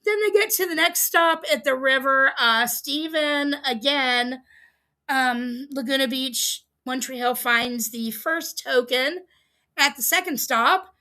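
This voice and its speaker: Bright, high-voiced woman chatting casually. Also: takes it slowly. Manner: chatty, laughs often, many ums, amused asides. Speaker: podcast host recapping a reality show. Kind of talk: casual livestream recap. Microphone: streaming setup, close mic.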